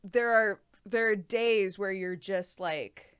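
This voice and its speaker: A woman's voice: medium pitch, slow, clean tone, dry recording. A young pregnant woman streaming, chatting casually with her viewers, laughing often and swearing freely. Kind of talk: casual chat with live chat.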